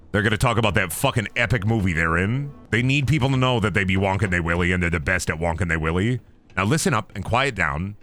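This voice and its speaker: A man streaming a game, talking in goofy, excitable, profanity-heavy commentary. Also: lowish voice. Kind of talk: casual gameplay commentary.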